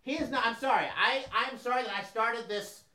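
A man's voice: very high voice, a little fast, pushed and bright. A man co-hosting a comedic sports podcast, indignant and exasperated. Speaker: podcast co-host. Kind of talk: casual comedic sports debate.

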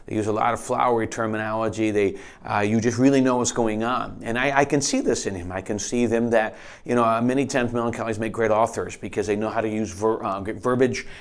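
A middle-aged man preaching a sermon in an unhurried way, often repeating words and rising in pitch and volume when he reads scripture aloud. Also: steady tone. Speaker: pastor.

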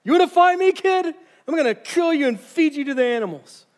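A man voicing a huge, angry warrior giant who taunts loudly and sneeringly. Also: extremely high pitch, animated, brisk, voice pushed up. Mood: taunting.

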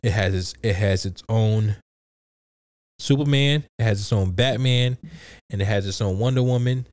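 A man with a fairly low voice tells a story in a loose, excitable way. He swears freely and keeps restarting his sentences. The sound is dry and close. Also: moderate pace, no room sound. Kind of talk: casual chat.

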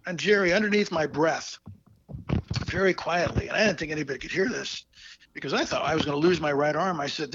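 Man, interview guest, gravelly, higher-pitched, halting, sincere storyteller; muffled lo-fi audio. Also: noisy background. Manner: halting, heartfelt, many fillers and restarts. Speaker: guest telling his story.

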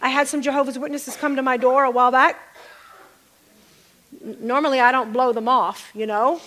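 A woman's voice: high-pitched, fairly even intonation, normal speed, fairly bright tone. A middle-aged woman preaching a sermon, calling out to the congregation and repeating phrases for emphasis.

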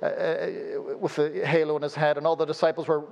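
A man preaching a sermon as a pastor, telling humorous stories and dropping suddenly to a low, quiet voice. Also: little pitch movement, brisk, gravelly.

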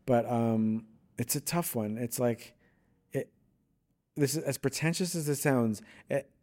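A man's voice: medium pitch, unhurried, dark tone. Male guest, casual and rambling, playful with accents. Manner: loose, rambling, slips into playful accent bits. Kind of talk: casual conversation.

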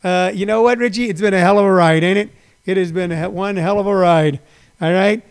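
A man's voice: sits high, steady tone, a little fast, smooth. A man in his sixties, a comedian hosting his own daily online show, rambling and repeating himself with lots of fillers, in a folksy, encouraging way. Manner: rambling and repetitive, with many fillers. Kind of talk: rambling livestream monologue.

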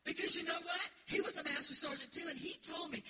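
A middle-aged woman from the United States, preaching an emphatic, animated sermon as pastor in a church. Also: very high voice, fast, loud music behind the voice. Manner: emphatic, animated preaching with laughter and call-outs. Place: church sanctuary.

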